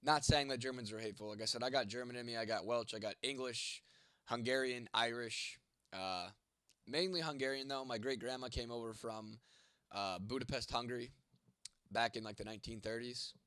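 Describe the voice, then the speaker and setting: A man hosting a live stream in a loose, rambling, profane way, talking directly to his viewers. His voice sits at a middling pitch. The sound is dry and close, with no room echo. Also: fairly quick, a bit bright, smooth. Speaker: livestream host reading chat. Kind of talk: casual live-stream chat.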